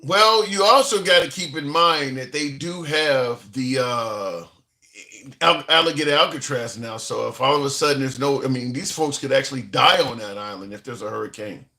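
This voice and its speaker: A man's voice: mid-range voice, normal speed, bright, forceful tone. A man hosting a casual political talk show, asking questions and playfully taking the other side. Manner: questioning, playful, devil's advocate. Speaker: host.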